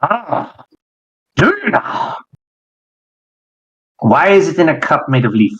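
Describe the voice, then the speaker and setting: A man's voice: fairly high pitch, wildly swooping pitch, takes it slowly, breathy edge, full character voice. A man voicing a shrewd older woman healer and herbalist, dry and matter-of-fact with a light teasing edge, on a dull lo-fi mic. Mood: wry.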